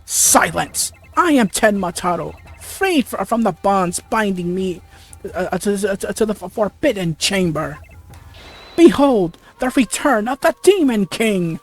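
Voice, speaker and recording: A reader voicing a bombastic male demon king who has taken over a mayor, reading let's play dialogue with booming theatrical proclamations and frequent stumbles over the words. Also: animated, a little slow, soft background music. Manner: stammers over the lines.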